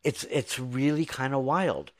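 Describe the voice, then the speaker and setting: An American podcast host with a mid-range voice, telling stories with enthusiasm and plenty of quick asides. His voice sounds dry and close, with no room around it. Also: medium pitch, expressive, no echo. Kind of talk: casual podcast chat.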